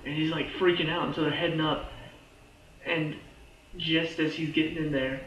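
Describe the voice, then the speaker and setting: A man's voice: a little high, level tone, moderate pace, noisy background. A man giving a casual, rambling recap of TV episodes as a reviewer, with lots of "like" and restarts. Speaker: TV show reviewer. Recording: echoey room, dull lo-fi sound.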